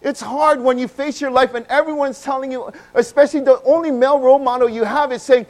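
A man from Hawaii, telling his own story in a sermon and swinging between loud bursts and hushed passages. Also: very high voice, steady tone, fast talker, few pauses, rough recording.

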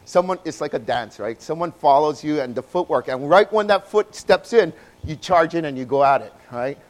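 A man from Hawaii, telling his own story in a sermon and swinging between loud bursts and hushed passages. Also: a little high, expressive, normal speed, poor audio.

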